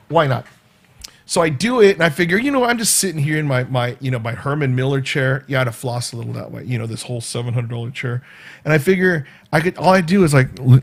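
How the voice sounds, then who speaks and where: A middle-aged man hosting his own vlog, talking in a loose, rambling way with many fillers and restarts. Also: on the high side. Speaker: vlog host. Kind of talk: casual rambling monologue.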